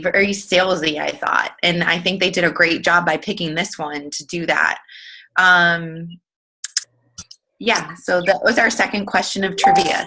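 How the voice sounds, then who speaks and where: A woman's voice: lowish voice, bright, forceful tone, low-quality recording. A woman leading a casual online team call, chatty and giggly, with plenty of fillers. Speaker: team leader hosting a coaching call. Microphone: online group call.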